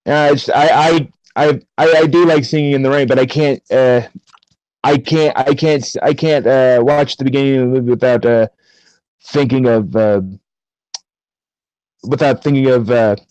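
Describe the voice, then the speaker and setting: A man co-hosts a podcast in easygoing conversation, often pausing on "uh" and restarting his sentences. His voice has an ordinary pitch, and the recording is dry and close. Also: steady tone, a little mellow, no room sound, rough recording. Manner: hesitant, many "uh" and restarts. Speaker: podcast co-host. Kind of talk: casual chat.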